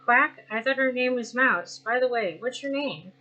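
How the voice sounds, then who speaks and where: Snarky deadpan duck, lady doing it, quacks before every comeback. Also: on the high side, moderate pace, dull audio. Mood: puzzled. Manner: starts lines with "quack", deadpan retorts.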